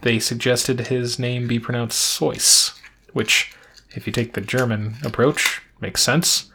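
A man co-hosting a casual podcast, relaxed, recapping quiz show clues and scores in detail. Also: medium pitch, unhurried, background noise. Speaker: podcast co-host.

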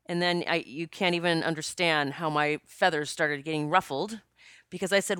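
A woman's voice: sits low, normal speed, smooth, dry recording. Chatty woman telling a story, dry sound. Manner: emotional, animated, swearing, frequent fillers. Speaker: psychic medium. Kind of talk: casual storytelling monologue.

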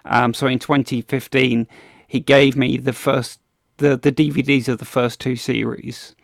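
A man's voice: medium pitch, level tone, a little slow, vocal fry, dry recording, clean studio sound. A man hosting a podcast, chatting in a rambling way with many restarts and ums and frequent laughs. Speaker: podcast host. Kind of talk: casual podcast chat.

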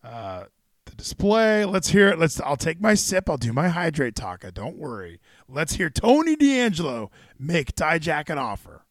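A man hosting a casual wrestling chat stream, excitable and rambling. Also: on the high side, normal speed, no room sound, studio quality. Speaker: stream host.

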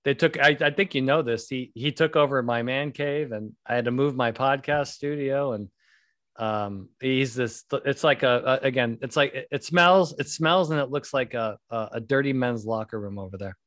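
In a home podcast studio, a middle-aged male host chats casually at normal speed in a mid-range, fairly bright voice. He tells rambling, self-deprecating stories laced with jokes, and the recording is dry and studio quality.

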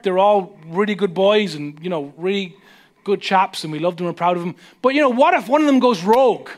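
A man with an Irish accent preaching a sermon, chatty, asking the congregation questions and sinking to a hush on key points. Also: high-pitched. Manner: conversational, asks the audience questions; slows down and drops to a hush for emphasis. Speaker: pastor.

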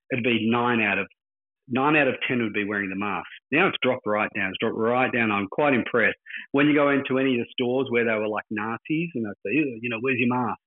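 A man from Australia with an Australian accent, calling in to a live show and chatting casually in a blunt, crude, joking way. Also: fairly low pitch. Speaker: caller. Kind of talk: casual chat. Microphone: remote call-in line. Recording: tinny phone-like call line.

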